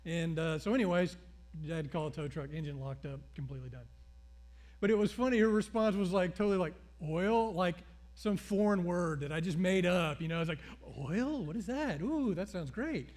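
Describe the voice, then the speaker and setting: A middle-aged male pastor preaching a sermon, telling stories with acted-out dialogue in an animated way. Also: fairly high pitch, brisk.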